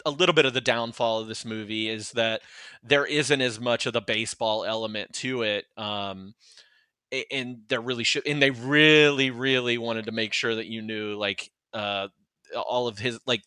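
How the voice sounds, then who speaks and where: A man with a bright, forceful voice talks through a casual movie chat and wanders between thoughts as he goes. The sound is dry and close, with no room around it. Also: medium pitch, steady tone, moderate pace, clear, resonant tone, dry recording. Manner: rambling, many fillers and restarts. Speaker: podcast co-host.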